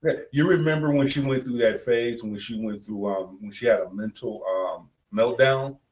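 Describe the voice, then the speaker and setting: A man's voice: medium pitch, normal speed, low-quality recording. A man co-hosting a podcast in casual chat, blunt and emphatic, repeating phrases for punch. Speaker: podcast co-host.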